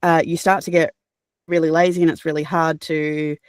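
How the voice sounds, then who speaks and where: Earnest Australian woman, low-ish voice. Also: little pitch movement, moderate pace, darkish tone, dry recording, clean studio sound. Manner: reflective, earnest, many fillers and restarts, occasional laughs. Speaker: guest, audiobook narrator and voice actor. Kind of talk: casual interview chat.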